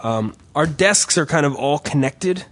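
A man telling a story in casual chat, profane and animated. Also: on the high side, measured pace.

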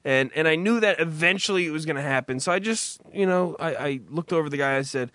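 A man's voice: fairly high pitch, a little fast, few pauses, a bit bright, no echo, clean studio sound. A man telling a rambling, profane story in casual chat with a co-host, full of restarts. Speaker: podcast co-host.

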